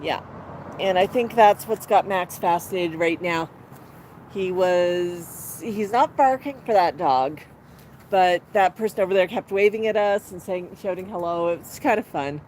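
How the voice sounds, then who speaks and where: Speaking a little slowly in a lowish, somewhat mellow voice, this parrot owner and channel host vlogs from an outdoor patio, using a sing-song tone and baby talk with her pet bird. The audio is poor, picked up outdoors with street sounds and cars going by.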